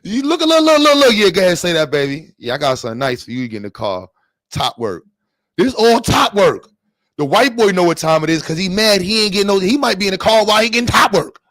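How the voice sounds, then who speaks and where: Guy ranting over a clip, pitch jumping all over, laughing, dry close sound. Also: quick pace, no echo. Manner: animated, laughing, crude slang. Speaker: commentary host. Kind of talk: reaction commentary.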